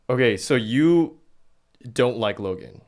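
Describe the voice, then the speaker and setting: A man's voice: mid-range voice, animated, extremely slow, crowd noise. A man hosting a casual podcast interview, blunt and profane, challenging his guest. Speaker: podcast host.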